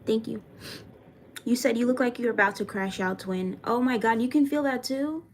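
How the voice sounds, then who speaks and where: A young woman from Florida chats casually on a live stream, her voice on the high side, a little mellow, at a moderate pace. She reads viewer comments aloud while answering chat and vents frankly, swearing plenty.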